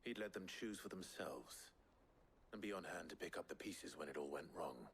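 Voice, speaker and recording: An actor playing a steady, serious young warrior hero in a video game, speaking in a restrained, hushed way. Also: male voice, deep voice, normal speed, a little hiss or hum. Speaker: game character.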